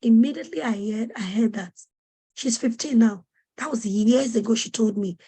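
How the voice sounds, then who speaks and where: A woman's voice: on the high side, normal speed, dark tone, breathy edge. A woman presenting a parenting webinar, speaking with urgent, preacherly emphasis and repeating questions to press her point. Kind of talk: earnest teaching talk to parents.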